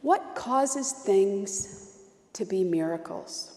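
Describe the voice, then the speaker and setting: A woman's voice: mid-range voice, expressive, extremely slow, darkish tone, echoey room, long reverb tail. A woman pastor preaching a sermon, telling stories with strong emphasis and repetition.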